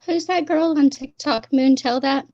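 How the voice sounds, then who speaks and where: A woman's voice: high voice, a little slow, warm tone. A woman co-hosting a casual chat, giggly and chatty. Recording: dull lo-fi audio.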